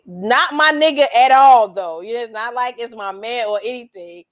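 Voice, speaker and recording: A woman telling a story in casual chat, profane and animated, acting out what others said and laughing often. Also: a little high, moderate pace, few pauses. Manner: animated and profane, acts out quotes in other voices.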